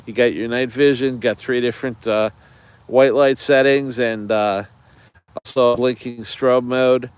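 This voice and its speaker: A man's voice: mid-range voice, fairly even intonation, measured pace, clean tone. A man hosting an outdoors channel, rambling chattily to viewers in a livestream from the woods. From United States. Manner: chatty, digressive, many fillers, greets viewers.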